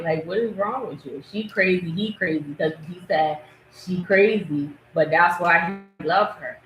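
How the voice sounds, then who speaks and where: A woman's voice: fairly low pitch, measured pace, soft background music. A woman hosting a podcast, chatting casually about a reality show clip and acting out what people said. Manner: animated, laughing, acting out quotes. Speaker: podcast host. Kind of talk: casual commentary chat. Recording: echoey room.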